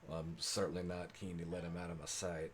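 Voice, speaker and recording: A man's voice: deep voice, flat delivery, fast, a crowd in the background. A male player in a casual tabletop role-play, talking in an easy drawl.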